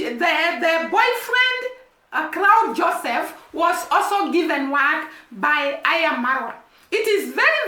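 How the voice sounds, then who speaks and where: High, bright woman vlogging. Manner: earnest, repeats words for emphasis. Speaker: vlogger commenting on news and gossip. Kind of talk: casual spoken commentary. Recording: roomy echo.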